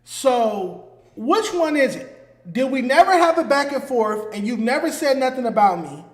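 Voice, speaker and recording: A man's voice: very high voice, expressive, moderate pace, echoey room. A man hosting his own commentary show, talking in a heated, emphatic way and hammering his points home through repetition. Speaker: host. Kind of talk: solo commentary.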